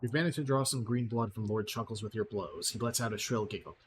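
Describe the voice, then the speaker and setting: A man's voice: on the low side, fast talker, a little hiss or hum. Guy doing let's play commentary, dry wry asides, reads out the game text.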